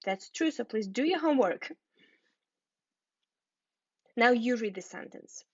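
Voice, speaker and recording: Woman teacher, slow and deliberate, repeats and spells words for learners; dull, dry lo-fi sound. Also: on the high side, animated, a little mellow, breathy edge, dry recording. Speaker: English teacher. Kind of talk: scripted lesson for learners.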